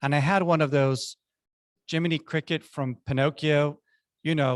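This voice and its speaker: A man's voice: a little high, fairly even intonation, normal speed, no echo. A man giving a prepared club speech, telling childhood stories with punchy numbered lessons.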